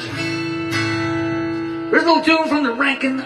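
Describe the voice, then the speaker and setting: A man's voice: sits high, sing-song, moderate pace. A man leading a band, joking in folksy banter between songs and singing country tunes. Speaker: singer and bandleader. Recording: roomy, distant mic, loud band music.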